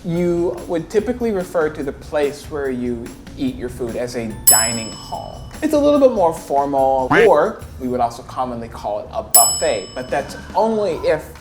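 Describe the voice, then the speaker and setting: An American man talks through English usage at an unhurried, easygoing pace, his voice sitting in a comfortable middle range. He sounds like he is teaching a casual class. The room rings with echo, and music plays clearly underneath. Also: medium pitch. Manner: relaxed, easygoing explanations with frequent laughs. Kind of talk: casual teaching chat answering viewer questions. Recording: echoey studio with music behind.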